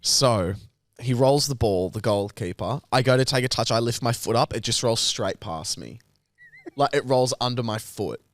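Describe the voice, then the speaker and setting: A young man, co-hosting a podcast, telling a story in casual chat, animated and sweary, acting out other people's lines. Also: medium pitch, moderate pace, dry recording. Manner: animated, sweary, acts out quotes. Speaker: podcast co-host.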